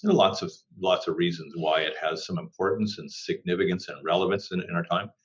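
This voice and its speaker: Middle-aged male journalist guest from Canada, very deep voice, measured and thoughtful, dull lo-fi sound. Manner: measured and thoughtful, with many "uh" pauses. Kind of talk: interview answers. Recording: dull lo-fi audio.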